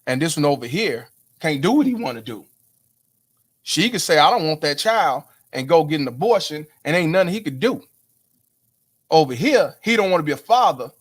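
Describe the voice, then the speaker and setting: A man hosting his own show, talking straight to viewers in an emphatic, preachy way, asking them rhetorical questions. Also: fairly high pitch. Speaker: host. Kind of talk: casual commentary to viewers.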